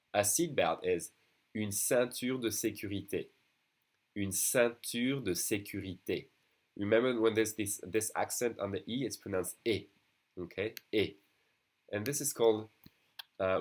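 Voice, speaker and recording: A young man from France with a French accent, teaching a beginner language lesson and patiently repeating words slowly for practice. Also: on the low side.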